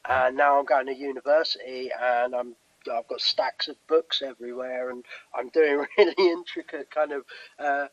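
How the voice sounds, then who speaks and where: A man's voice: medium pitch, steady tone, moderate pace, no room sound, highs cut off. A young British man, a comedian, chatting as a podcast guest in an easygoing, hesitant way with many fillers. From United Kingdom. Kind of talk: casual interview chat.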